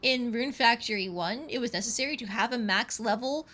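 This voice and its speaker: A woman's voice: on the high side, fairly quick, bright, forceful tone. A woman streamer giving playful, chatty commentary while fishing in a game, pleading with the fish. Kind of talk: casual let's-play commentary.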